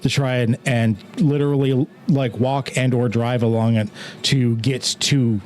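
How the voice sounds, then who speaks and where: A man's voice: mid-range voice, steady tone, unhurried, a little mellow, slight background noise. A man narrating a tabletop game as game master, explaining in a loose, rambling way with many fillers.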